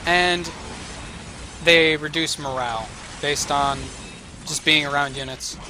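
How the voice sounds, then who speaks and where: A man's voice: fairly high pitch, takes it slowly, background noise. A young man streaming a strategy game, talking casually with sarcastic, profane asides. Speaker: gaming streamer. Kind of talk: casual gameplay commentary.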